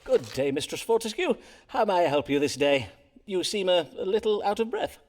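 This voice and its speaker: Casting: courtly Elizabethan star-reading physician, raised voice, very lively inflection, ornate old-fashioned speech. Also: male voice, sits high, fairly quick. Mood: courteous. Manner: florid archaic courtly speech. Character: learned Elizabethan astrologer-doctor, courteous and wordy. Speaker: astrologer. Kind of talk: period game voice acting.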